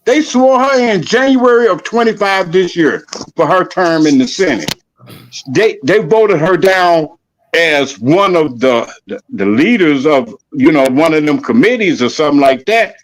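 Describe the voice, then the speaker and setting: Man, podcast co-host, heated debate, insistent, argumentative, slightly high voice. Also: animated, a little slow. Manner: argumentative, pressing his point repeatedly.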